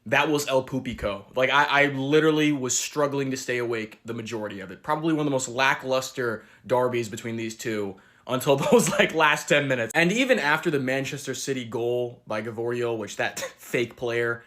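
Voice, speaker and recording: A man's voice: mid-range voice, normal speed, hardly any pauses, a bit bright. A man giving a sarcastic, jokey football match reaction, sounding distant from the microphone.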